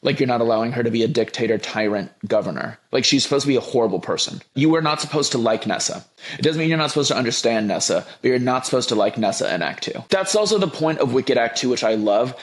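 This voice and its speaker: Young guy ranting about a movie adaptation, fast and emphatic, mid pitch. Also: expressive. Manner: emphatic, rapid opinions with restarts. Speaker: podcast guest. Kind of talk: casual review chat.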